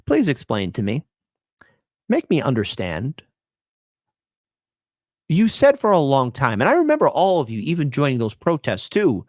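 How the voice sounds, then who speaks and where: A man's voice: fairly high pitch, huge pitch swings, normal speed, long pauses, no echo. A man hosting opinionated political commentary, combative and sarcastic, speaking into a close mic.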